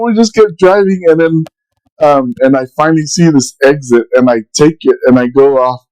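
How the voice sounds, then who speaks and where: A man's voice: fairly high pitch, moderate pace, a little mellow, low-quality recording. A middle-aged man casually telling a long story on a podcast, rambling with many restarts and quoted dialogue. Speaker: podcast co-host.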